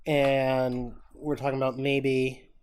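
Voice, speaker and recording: A man's voice: medium pitch, monotone, takes it slowly, a little mellow, clear, resonant tone. A man co-hosting a podcast, chatting casually and thoughtfully with his co-host and chat.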